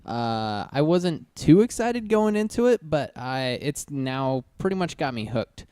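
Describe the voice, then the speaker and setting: Man, podcast co-host, relaxed chat, clean voice, dry sound. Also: a little high, a little slow, smooth, dry recording.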